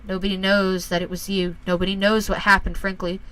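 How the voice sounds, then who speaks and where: A woman voicing a stern middle-aged father who speaks gravely and deliberately, lecturing his son. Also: mid-range voice, flat delivery, sharp tone, close to an everyday voice, low-quality recording.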